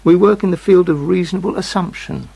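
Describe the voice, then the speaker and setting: An actor playing a cold, evasive male official who questions a suspect in clipped, unhurried lines in a radio drama. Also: high voice, gravelly, mellow, a little hiss or hum. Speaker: official investigating a crime.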